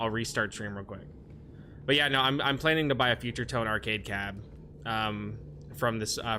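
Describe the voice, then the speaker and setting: A man with a lowish voice streams a video game, chatting casually with viewers and occasionally yelling at the game out of frustration before going back to the chat. A little hiss or hum is audible.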